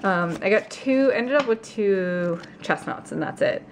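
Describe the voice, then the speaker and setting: A woman vlogging a card pack opening, gasping and gushing with excitement as she reads out each card. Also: mid-range voice, unhurried, slight background noise. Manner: gasping, gushing, breathless exclamations. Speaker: YouTuber opening trading card packs. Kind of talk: excited unboxing vlog.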